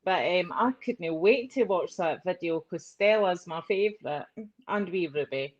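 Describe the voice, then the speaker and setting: Scottish woman caller, chatty and quick to laugh, dull lo-fi audio. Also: fairly low pitch, lively intonation. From Scotland. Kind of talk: casual call-in chat.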